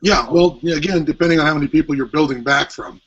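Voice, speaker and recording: A man's voice: fairly high pitch, quick pace, fairly bright tone, a little hiss or hum. A man co-hosting a podcast, talking in a rambling, hesitant way with many fillers. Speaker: podcast co-host. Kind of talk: casual podcast discussion. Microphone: headphones with mic at home. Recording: dull lo-fi podcast audio.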